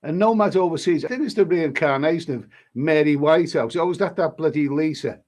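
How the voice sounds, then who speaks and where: A man's voice: fairly high pitch, brisk, darkish tone. A man chatting casually on a live stream, reading out comments and rambling with frequent stumbles and repeated words. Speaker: livestreamer reading chat comments.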